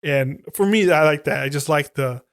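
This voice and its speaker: A podcast co-host retells a horror movie plot in casual chat, swearing heavily and acting out the characters' lines with animation. His voice is a little high at a moderate pace, in clean studio sound with no room sound.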